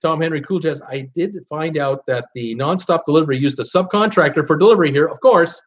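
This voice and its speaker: A man's voice: on the high side, a little fast. A man hosting a live online show, rambling casually with many fillers and reading viewers' comments aloud. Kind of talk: casual live-stream chat. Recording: dull lo-fi stream audio.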